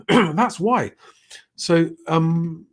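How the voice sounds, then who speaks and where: A man's voice: fairly high pitch, extremely slow. A middle-aged man hosts a casual live stream, reading out chat comments and rambling with many fillers and restarts.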